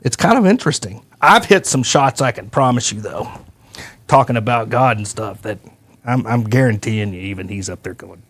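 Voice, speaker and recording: Man, podcast host, casual storytelling, folksy, animated. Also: mid-range voice, moderate pace. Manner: folksy, animated, acts out quoted voices.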